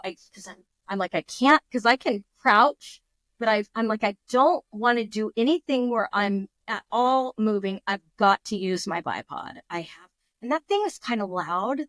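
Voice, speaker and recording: A woman guest on a podcast, telling a story in a lively, casual way and acting out her own thoughts in quotes. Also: medium pitch, no room sound.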